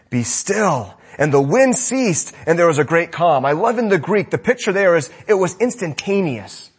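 A man preaching a sermon with passion, his voice rising loud and dropping to a hush. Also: a little high, breathy edge. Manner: impassioned preaching, swinging between loud and hushed. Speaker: pastor.

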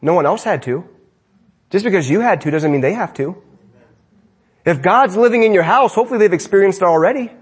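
A man preaching a sermon in a church, his voice a little husky and pitched somewhat high for a man. He swings between emphatic, raised lines and quiet, hushed asides as he addresses his congregation. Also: lively intonation, a little fast, long pauses. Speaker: pastor. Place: church sanctuary.

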